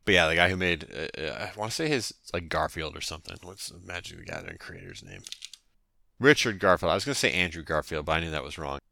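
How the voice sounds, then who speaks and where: A man co-hosting a podcast in loose, profane chat, his fairly low voice bright and forceful. He talks in an animated way, full of fillers, heard close and dry with no room sound. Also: quick pace, vocal fry, dry recording. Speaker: podcast co-host. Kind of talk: casual chat.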